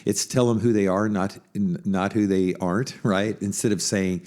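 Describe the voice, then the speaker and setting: A man's voice: on the low side, fairly even intonation, normal speed. A middle-aged man co-hosting a marriage podcast, telling stories and answering with affirming backchannels. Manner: warm storytelling, affirming backchannels. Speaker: podcast co-host. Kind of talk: casual conversation.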